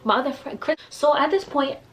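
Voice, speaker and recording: A young woman telling a story to camera in a casual, profane, animated way. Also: high-pitched, fairly quick. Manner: animated, profane, acts out quotes in raised voices. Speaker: vlogger.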